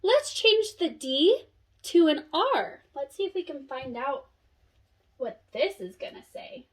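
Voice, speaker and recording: A young woman teaching a phonics lesson, sounding out letters slowly and praising an imagined class. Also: high voice, sing-song. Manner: slow, sing-song classroom praise and sounding out.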